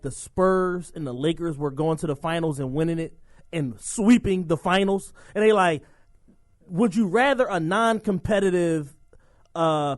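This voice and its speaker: A man's voice: sits high, no echo, studio quality. A young man co-hosting a podcast in casual chat, with laid-back banter and joking asides. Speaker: podcast co-host.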